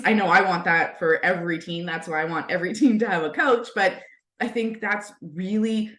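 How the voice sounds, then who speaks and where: A woman's voice: fairly low pitch, fairly bright tone, roomy sound. A woman who works as a teen coach, talking earnestly and enthusiastically as an interview guest. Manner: earnest, enthusiastic, uses "right?" often. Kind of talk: casual interview.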